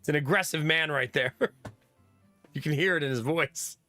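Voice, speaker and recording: A man streaming a game, reading it aloud and cutting in with excitable, laughing asides to his chat. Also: a little high, normal speed, soft background music. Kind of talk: let's play commentary reading aloud.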